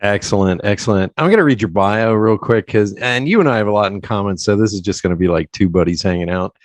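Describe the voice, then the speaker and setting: A man from South Central Pennsylvania hosting a casual podcast interview, chatty and quick to laugh. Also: fairly low pitch, no echo. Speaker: podcast host.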